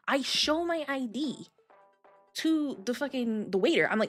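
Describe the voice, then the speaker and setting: A woman in her thirties chatting casually on a livestream, telling stories with lots of swearing and quick restarts. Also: a little high, animated, soft background music. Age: 30s. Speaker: streamer.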